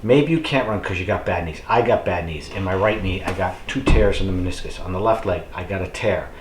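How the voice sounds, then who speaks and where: Middle-aged male vlogger, low-pitched and chatty, filler-heavy pep talk, reverberant room. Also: brisk, background noise. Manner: chatty and rambling, with many fillers; encouraging, addresses viewers as folks. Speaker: fitness vlogger. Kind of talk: casual motivational talk to camera.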